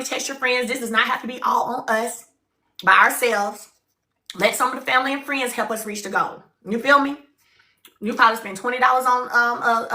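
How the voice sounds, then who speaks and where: Recorded on a phone in a room with echo, an upbeat woman runs a live shopping stream and keeps urging viewers to make a purchase. She chats in a bright, slightly higher-than-usual voice as she pitches.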